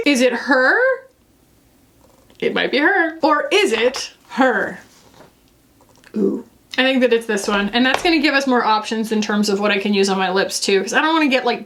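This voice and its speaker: Chatty, playful woman with a bright pitch. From Florida, USA. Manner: chatty and playful, many fillers and jokey asides. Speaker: beauty reviewer. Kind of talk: casual makeup vlog chat.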